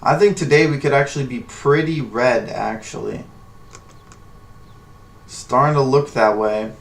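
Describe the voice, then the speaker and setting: A man's voice: medium pitch, a little slow, gravelly. A man hosting a live stock trading stream, joking loosely and thinking aloud as he reads the charts. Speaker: stock trading livestream host. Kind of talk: casual live trading commentary.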